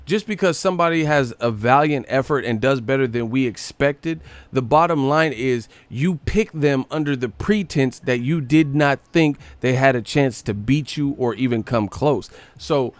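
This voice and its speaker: A man's voice: medium pitch, no echo. A man hosting a live stream, ranting casually about boxing with a lot of swearing. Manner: profane, ranting, animated.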